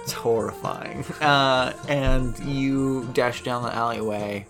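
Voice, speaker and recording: A man's voice: medium pitch, steady tone, slow, over music. A man narrating a tabletop game as game master, chatty and laughing often.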